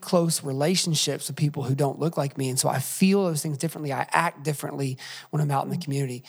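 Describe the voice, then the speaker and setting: Male podcast host, gravelly, reflective storyteller, reverberant room. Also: a little high. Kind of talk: conversational podcast interview.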